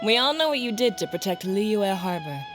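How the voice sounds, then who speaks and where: A woman's voice: mid-range voice, sing-song, moderate pace, music in the background, close to an everyday voice. An actress playing a cheerful, eager young female sailor in a video game. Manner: upbeat and eager.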